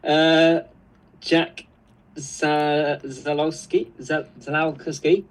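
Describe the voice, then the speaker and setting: A man's voice: fairly high pitch, little pitch movement, very slow, rough recording. A man co-hosting a live stream, reading viewer comments aloud in a casual, chuckling way. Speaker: co-host reading live chat.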